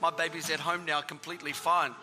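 A man's voice: a little high, level tone, brisk, big-room sound. A man preaching an altar call in a church, exhorting people with repeated calls, recorded live at a service. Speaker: pastor. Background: worship music and congregation.

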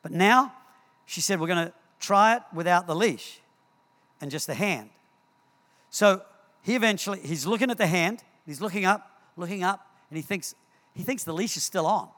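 A man preaching a sermon in a church, telling stories in an animated way and repeating words as he acts scenes out. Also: high voice, normal speed, pauses often. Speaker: pastor. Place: church hall. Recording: long hall reverb.

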